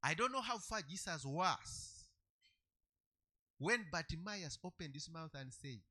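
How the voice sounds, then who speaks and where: A male preacher delivering a sermon with a bright, ringing voice. His pitch leaps and falls all over the place. He hammers on key phrases, repeating them, and swings from loud declarations to hushed lines. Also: animated, measured pace.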